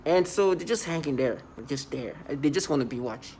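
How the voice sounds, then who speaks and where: Rambling man vlogging, halting restarts. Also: fairly high pitch, animated, a little mellow, a little hiss or hum. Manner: rambling, halting, many restarts and stammered repeats. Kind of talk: casual monologue to camera.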